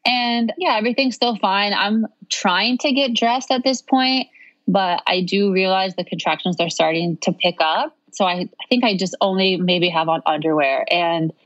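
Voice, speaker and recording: A woman guest telling her story in a casual, lively way, acting out what she said back then. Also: medium pitch, moderate pace, highs cut off. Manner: lively, acts out her own past lines. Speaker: podcast guest.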